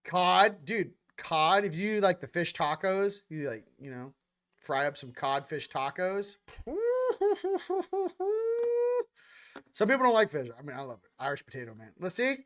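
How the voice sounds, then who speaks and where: A man with a fairly high voice hosts a casual chat, drifting from topic to topic. He talks in a loose, slangy way, throwing in asides. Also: expressive, moderate pace, fairly bright tone. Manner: rambling, slangy, jumps between topics. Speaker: host. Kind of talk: casual spiritual livestream chat.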